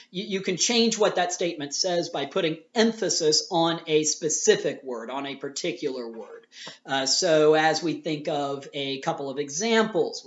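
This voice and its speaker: A man teaches a recorded lesson from home, explaining patiently and filling his pauses with "uh." The room is echoey around him, and the recording sounds dull and lo-fi. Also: fairly high pitch, a bit bright. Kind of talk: recorded classroom lecture.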